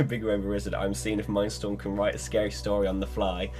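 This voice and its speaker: A man's voice: lowish voice, fairly quick, soft background music. A young man, co-hosting a casual podcast chat and cracking jokes. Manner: joking, animated, laughs at own jokes. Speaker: podcast co-host.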